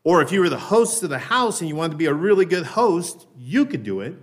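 A man's voice: a little high, big pitch swings. Man preaching in a conversational way. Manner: conversational preaching, often asks "right?", slows down for emphasis; raises his voice when acting out Peter's lines. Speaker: pastor. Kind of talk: sermon.

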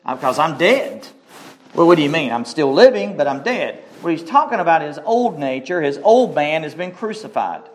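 A man preaching a sermon, emphatic and repetitive, slowing down to stress scripture and asking the congregation questions. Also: on the high side. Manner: emphatic, repeats key phrases, asks the congregation questions; slows down to stress scripture quotes.

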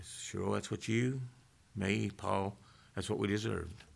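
A middle-aged man preaching a sermon, swinging between loud passionate stretches and hushed, almost whispered words. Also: fairly low pitch, steady tone, slow, vocal fry.

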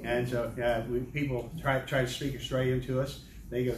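Recorded from afar in an echoey, noisy large church hall, an older American missionary rambles through a humorous testimony. His voice is medium-pitched with little pitch movement at normal speed, and he restarts and chuckles often.

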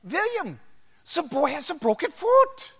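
A preacher voicing a gruff old male country doctor with a thick German accent, speaking in stiff, formal exclamations. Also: extremely high pitch, wildly swooping pitch, measured pace, a bit bright, pitched above the performer's own voice, full character voice. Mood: stern.

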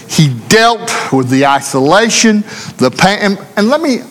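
A man's voice: high voice, lively intonation, unhurried, fairly bright tone. A male preacher giving a sermon in earnest, repetitive rhetorical questions, speaking in a church. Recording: long hall reverb.

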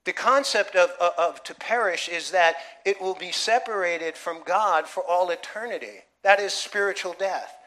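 A man's voice: high-pitched, moderate pace, hardly any pauses, bright, forceful tone. A man preaching a sermon in a church, emphatic, with many rhetorical questions to the congregation. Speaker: pastor.

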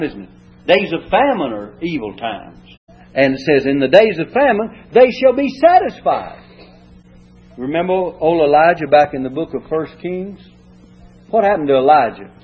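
A man's voice: a little high, husky. A man preaching a sermon, reading scripture and explaining it in folksy, homespun words. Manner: folksy, retells stories in plain homespun words. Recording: dull lo-fi recording.

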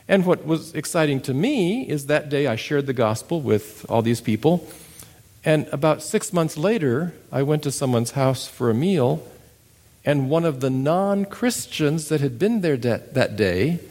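A man preaching a sermon, emphatic and animated, telling stories and demonstrating. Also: fairly high pitch, in a large hall. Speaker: missionary preacher. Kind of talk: sermon with storytelling.

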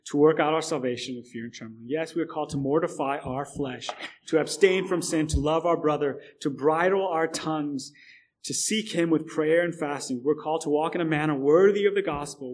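Earnest man preaching a sermon. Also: on the high side. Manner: earnest, builds intensity in repeated lists; halting restarts, repeats words.

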